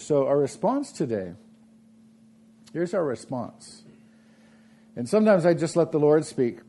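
A man preaching a sermon in a church, emphatic and repeating phrases, swinging between loud and soft delivery. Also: mid-range voice. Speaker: pastor.

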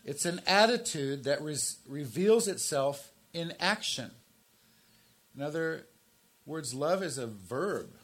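A man in his sixties preaching a sermon as pastor, swinging from emphatic, raised stresses down to low, quiet asides. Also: lively intonation, slow pace. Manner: emphatic, rises to forceful stresses then drops low and quiet.

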